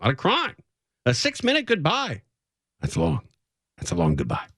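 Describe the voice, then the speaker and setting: A man's voice: on the high side, moderate pace, slightly rough, no echo, studio quality. A man hosting a radio talk show, teasing and joking dryly with his co-hosts. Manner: wry, teasing deadpan jokes. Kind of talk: casual on-air banter.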